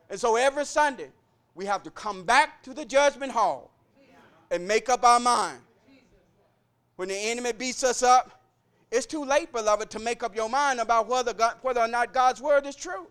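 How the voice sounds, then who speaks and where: A man's voice: very high-pitched, moderate pace, clear, resonant tone. A man preaching a sermon in a church, repeating lines in rhythm and calling out to the congregation. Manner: rhythmic call-and-response preaching that builds to shouting.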